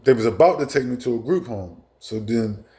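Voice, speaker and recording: A man in his fifties, a show host, telling a personal story in a casual, profane way with halting restarts. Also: medium pitch, mellow.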